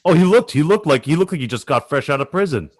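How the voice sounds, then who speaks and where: A man hosting an interview in casual chat, excitable, laughing often and poking fun at himself. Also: fairly high pitch, fast. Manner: excitable, laughs a lot, self-deprecating. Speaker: host.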